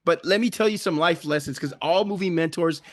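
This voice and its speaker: Brief: high-pitched man, fired-up comedic podcast pitch, dry close sound. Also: brisk, no room sound. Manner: hyped, joking, profane. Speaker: podcast co-host. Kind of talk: comedic movie debate.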